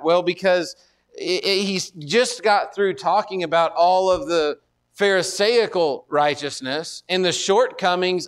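Earnest preacher man, higher voice. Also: fairly bright tone. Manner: earnest, repeats words, rises in pitch and force when exhorting. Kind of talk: sermon.

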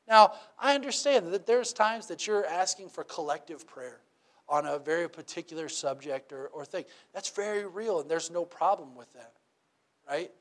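A man's voice: high-pitched, moderate pace, fairly bright tone. A man preaching a sermon in a conversational way, often asking "right?" and acting out little quotes.

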